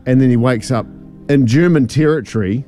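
A man's voice: mid-range voice, normal speed, dark tone, soft background music. A man co-hosting a radio breakfast show, retelling a wartime survival story in short, punchy, dramatic sentences. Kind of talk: casual storytelling on air.

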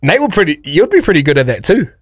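A man's voice: on the high side, big pitch swings, quick pace, no echo, studio quality. A man co-hosting a radio show, bantering in an easygoing, playful way and reading promos. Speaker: radio co-host.

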